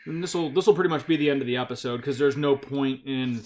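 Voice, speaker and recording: A man's voice: mid-range voice, a little fast. A man hosting a casual video game playthrough, swearing and laughing easily as he plays. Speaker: let's play host. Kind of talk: casual gaming commentary.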